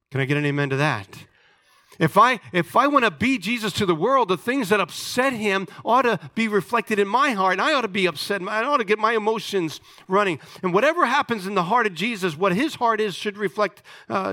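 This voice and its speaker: A man's voice: high-pitched, sharp tone, no room sound, clean studio sound. A man preaching a sermon as pastor, talking emphatically and calling on the congregation for amens.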